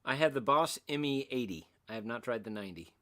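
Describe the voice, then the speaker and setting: A man's voice: medium pitch, animated, quick pace, fairly bright tone. A middle-aged man hosting a casual livestream, rambling and self-mocking as he reads out and answers chat comments. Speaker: livestream host.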